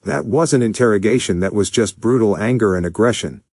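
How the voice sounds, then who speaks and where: A man's voice: lowish voice, a little fast, darkish tone, no echo, clean studio sound, close to an everyday voice. A man voicing a stern older male scientist who scolds and lectures his protégé.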